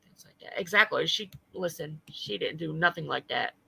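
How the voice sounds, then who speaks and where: A woman's voice: low voice, normal speed, vocal fry, sharp tone, husky, poor audio. A woman streamer ranting in blunt, profane, heated commentary to her live chat. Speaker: livestreamer.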